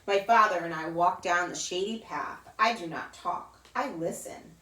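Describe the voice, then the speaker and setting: A woman who teaches yoga to children reads a picture book aloud to them, mimicking sounds in a high, playful voice. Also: moderate pace, pushed and bright, far from the mic. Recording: roomy echo, voice off-mic.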